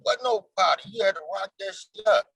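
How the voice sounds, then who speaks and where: A man's voice: high-pitched, fairly quick, fairly bright tone, slightly rough, dry recording, rough recording. A man in his forties, an actor being interviewed, talking in a loose, slangy and emphatic way. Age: 40s. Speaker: actor guest. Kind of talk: casual interview chat.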